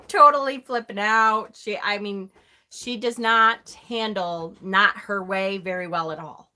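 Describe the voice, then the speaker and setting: A woman's voice: mid-range voice, a little slow, pushed and bright. A middle-aged woman hosting a live tarot stream, chatting casually with an exasperated, laughing manner.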